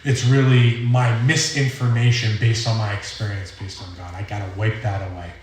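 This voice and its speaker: A young man with a Rhode Island accent giving an earnest, rambling personal testimony at a recovery meeting, halting often with fillers. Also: lowish voice, little pitch movement, far from the mic, slight background noise. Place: meeting hall. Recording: roomy hall audio from off-mic.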